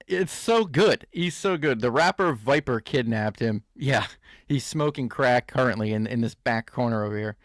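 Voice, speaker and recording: A man's voice: mid-range voice, normal speed, no room sound, clean studio sound. A man hosting a comedy reaction show, riffing sarcastically and laughing at clips. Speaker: host.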